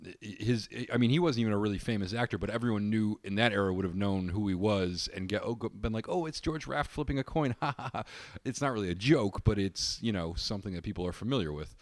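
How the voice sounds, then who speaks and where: A man's voice: fairly low pitch, quick pace, no echo, clean studio sound. A man co-hosting a film podcast, casually explaining movie history in long, rambling stretches. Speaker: podcast co-host.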